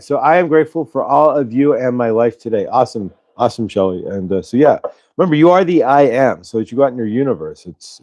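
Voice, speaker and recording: Mellow-voiced man hosting a chatty stream. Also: medium pitch, no echo. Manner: relaxed, rambling, reads chat aloud. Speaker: host. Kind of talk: casual livestream chat.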